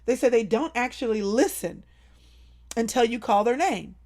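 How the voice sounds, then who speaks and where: Animated woman chatting live with viewers. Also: on the high side, normal speed. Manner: animated, laughing, playful over-the-top storytelling. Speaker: live-stream host. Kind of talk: casual chat with viewers.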